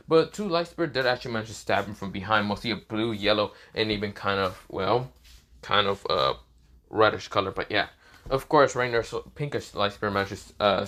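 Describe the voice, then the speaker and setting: A man's voice: on the low side, a bit bright. A man retelling a fan story casually, rambling with many fillers.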